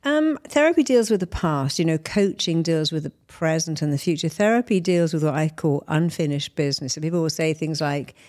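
Low, mellow-voiced woman therapist explaining. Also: animated, a little fast, hardly any pauses. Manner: explanatory, uses examples and analogies. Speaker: therapist and hypnotist guest. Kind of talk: interview answers.

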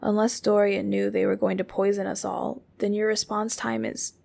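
A woman's voice: mid-range voice, flat delivery, moderate pace. A woman whispering as a frightened young woman. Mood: shaken whisper. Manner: hushed, breathy whisper.

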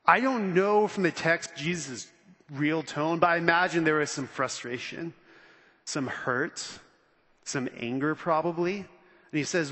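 A pastor preaching in a high, bright voice, animated and conversational. He slips into the quotes he reads and plays them out. His voice rings through a long church-hall reverb. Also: unhurried. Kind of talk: sermon.

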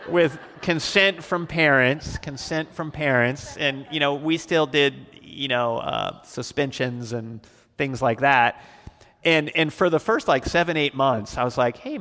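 A man's voice: medium pitch, a bit bright, big-room sound. A middle-aged male pastor teaching the Bible verse by verse, telling folksy stories with frequent chuckles.

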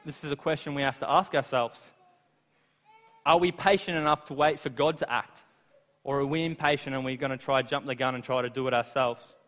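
A man preaching a sermon, retelling scripture in lively everyday words with asides to the listeners. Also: medium pitch, a little fast. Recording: long reverb of a large hall.

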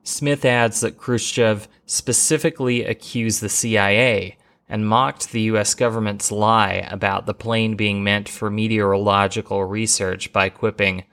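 Low-voiced man narrating history. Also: fairly even intonation, a little slow, few pauses, fairly bright tone. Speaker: history podcast host.

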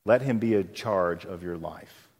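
A man preaching a sermon as pastor, telling a story with lively acted-out voices. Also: deep voice, a little slow, creaky, husky. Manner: animated storytelling, acts out quoted voices. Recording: long hall reverb.

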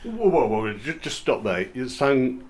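A man's voice: medium pitch, big pitch swings, measured pace. Man asking short interview questions. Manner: brief prompting questions. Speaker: podcast host.

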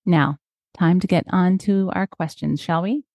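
A woman with a lowish voice co-hosts a podcast in easygoing, chatty conversation. The sound is dry and close, with no room behind her. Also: measured pace, dry recording. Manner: chatty, relaxed, laughs easily. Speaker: podcast co-host. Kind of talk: casual chat.

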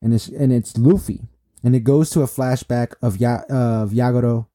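A man casually recapping a comic chapter, excitable and repetitive, talking straight to his viewers. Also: medium pitch, moderate pace, dry recording, clean studio sound. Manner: excitable, repetitive, speaks to viewers as guys and bro. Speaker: manga recap vlogger.

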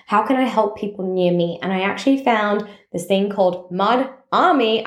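A woman's voice: mid-range voice, echoey room. A woman hosting her own podcast, talking casually and heartfelt with many "like" fillers. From Australia. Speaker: podcast host. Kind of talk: casual solo podcast talk.

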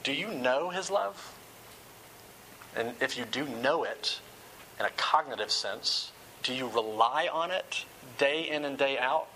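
A man preaches to a live audience in a room, his voice bright and forceful, at an ordinary middle pitch. He talks earnestly but conversationally and drops in casual asides. A faint noise sits behind him. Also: lively intonation, unhurried, long pauses, rough recording. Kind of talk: sermon.

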